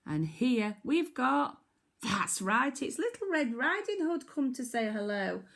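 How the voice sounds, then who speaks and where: A woman teacher leading a phonics lesson for young children, speaking clearly and encouragingly in call-and-response. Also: high voice, big pitch swings, unhurried, fairly bright tone.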